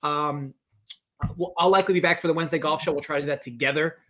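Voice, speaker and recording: A man's voice: a little high, steady tone, fast talker, a bit bright. Laid-back man with short replies. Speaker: betting show host. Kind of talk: casual chat.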